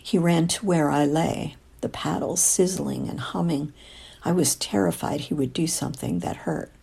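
Gravelly, husky older woman narrating. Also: low voice, moderate pace, dark tone. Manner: wry, confiding, with frequent whispered passages. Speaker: audiobook narrator. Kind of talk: first-person storybook narration.

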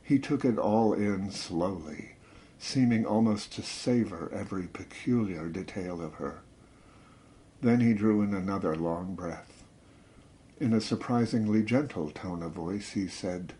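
A man narrating a novel in a measured, steady reading. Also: low voice. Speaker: audiobook narrator. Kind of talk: scripted narration.

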